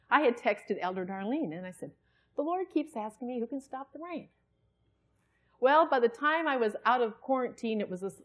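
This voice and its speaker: A middle-aged woman, preaching a sermon in a church and telling a personal story in an earnest, conversational way. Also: mid-range voice.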